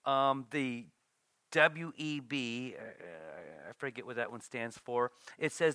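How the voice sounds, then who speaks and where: Animated preaching man, bright dry voice. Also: mid-range voice, slow, no echo. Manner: animated, acts out quotes with sudden loud bursts and soft whispers. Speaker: pastor. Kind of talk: sermon.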